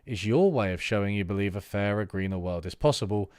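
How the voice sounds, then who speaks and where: A man's voice: on the low side, quick pace, darkish tone, clean tone, no room sound, studio quality. A man reading political text aloud on a livestream, stopping for loose, rambling asides with fillers. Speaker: streamer reading political manifestos.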